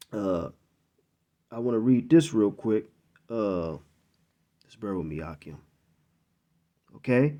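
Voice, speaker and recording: A male preacher giving a sermon, reading scripture aloud in a halting way with many fillers, repeats and profane asides. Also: medium pitch, darkish tone.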